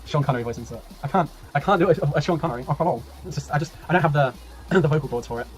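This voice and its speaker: A man casting a strategy game tournament on a live stream, chatty and laughing, with a tiring voice that he keeps clearing. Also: a little high, very fast, darkish tone. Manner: chatty, laughing, rambling, swears, reads chat aloud. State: voice tiring, clearing throat often. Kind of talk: casual live-stream commentary.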